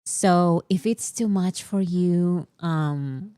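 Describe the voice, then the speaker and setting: A woman vlogger giving casual, exasperated commentary to her viewers, repeating herself for emphasis and then talking herself calm. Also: very slow, smooth, dry recording, clean studio sound. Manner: talks herself calm with deep breaths.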